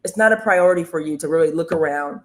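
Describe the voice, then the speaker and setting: Energetic female host for a live motivational stream; repeats calls for comments, coaching tone. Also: deep voice, fast. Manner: energetic, repetitive, keeps asking viewers to comment. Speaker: online business coach hosting a live stream.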